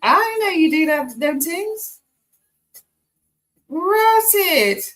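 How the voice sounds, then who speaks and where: A woman's voice: very high-pitched, big pitch swings, drawn-out words, fairly bright tone, rough recording. A woman hosting a live tarot stream, chatting casually with viewers by name in slangy, loose talk.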